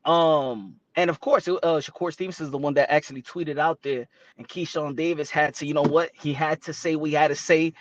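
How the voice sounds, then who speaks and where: A man's voice: on the high side, steady tone, a little fast, hardly any pauses, muffled recording. A man from Brooklyn hosting a casual boxing talk show, talking in streetwise slang and dropping in Spanish phrases.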